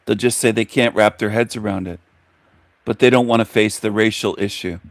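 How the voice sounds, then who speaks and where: A man's voice: lowish voice, fairly even intonation, brisk, no room sound. A man hosting a reaction commentary, mocking and confronting the video he is watching. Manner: mocking, confrontational, talks back at the clip.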